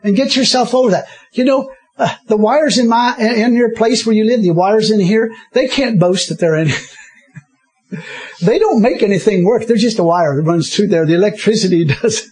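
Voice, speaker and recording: A man's voice: sits high, moderate pace, darkish tone, husky. A man preaching a sermon, often chuckling and breaking in with hallelujahs. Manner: chuckling often, interjecting hallelujahs, repeating himself.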